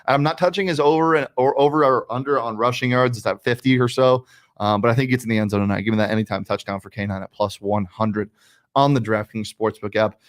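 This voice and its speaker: A man hosting a sports betting show, rattling off picks and plugs at a rapid clip. His pitch is average and his talk is loose, with frequent ums and restarts. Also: fairly even intonation. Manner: fast, chatty, with restarts and fillers. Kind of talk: casual sports betting chat.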